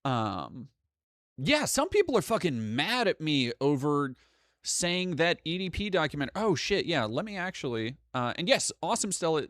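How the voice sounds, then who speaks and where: A man's voice: a little high, sing-song, normal speed, fairly bright tone, dry recording, studio quality. A young man hosting a live stream, chatting casually and reading donations, rambling with frequent restarts and swearing. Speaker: streamer host.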